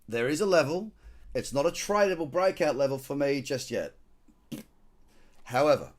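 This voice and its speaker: An Australian man talks through trading charts on a live stream in a loose, chatty way. His voice sits at an ordinary middle pitch, and his delivery stays slangy and relaxed, with the odd dad joke. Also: normal speed. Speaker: trader hosting a live market scan. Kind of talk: casual live-stream commentary.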